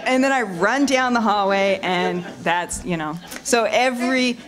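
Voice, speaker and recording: A woman's voice: medium pitch, measured pace, few pauses, fairly bright tone. A woman giving a comic roast speech as a radio co-host, laughing as she acts out the dialogue.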